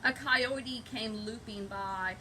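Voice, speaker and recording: A woman teacher reading a picture book aloud to young children in a gentle, expressive way. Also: a little high, slow pace, a little hiss or hum, low-quality recording.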